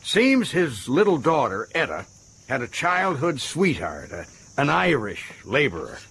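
A man's voice: medium pitch, wildly swooping pitch, a little slow, gravelly, fairly bright tone, husky, heavily acted. An actor playing a boastful, chatty male prison governor, who stumbles over his words in a radio drama. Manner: boastful, stumbling, chuckling often.

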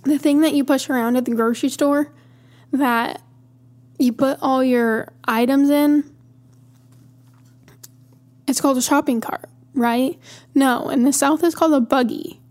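A woman's voice: high voice, steady tone, a little slow, long pauses, a little mellow. A woman from Montana hosting a podcast, talking in a chatty, rambling way and easily amused. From Montana, USA. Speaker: podcast host. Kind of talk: casual monologue.

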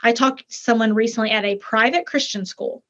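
A woman with a fairly high voice hosts a podcast and talks earnestly and with emphasis. Her voice has a dull, lo-fi sound from a video call. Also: steady tone, a little fast, a bit bright. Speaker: podcast host. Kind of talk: casual podcast conversation.

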